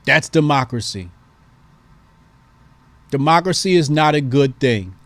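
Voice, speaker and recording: A man's voice: on the high side, expressive, measured pace, a bit bright, no echo. A man hosting a call-in show, giving emphatic, preachy political commentary and repeating points for stress.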